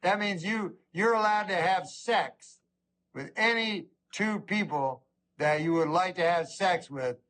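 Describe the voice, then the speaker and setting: Middle-aged male stand-up comic, rambling and deadpan, fairly high and bright-toned. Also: unhurried. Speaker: stand-up comedian. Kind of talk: stand-up comedy routine.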